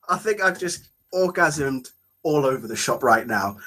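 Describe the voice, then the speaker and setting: A young man reacting to a trailer, gushing and close to tears, breaking off into exclamations and halting restarts. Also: mid-range voice, lively intonation, a bit bright. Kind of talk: emotional reaction video.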